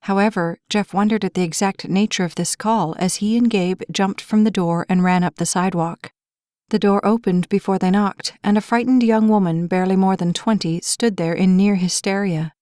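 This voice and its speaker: A woman narrating an inspirational romance audiobook in a clear, measured storytelling voice. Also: on the low side, steady tone, darkish tone, no room sound, clean studio sound.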